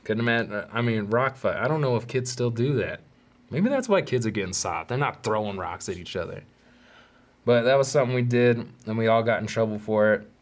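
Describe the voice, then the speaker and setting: A man hosting his own podcast, telling stories from childhood in a candid, rambling, self-deprecating way. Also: on the low side. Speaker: podcast host. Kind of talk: solo storytelling podcast.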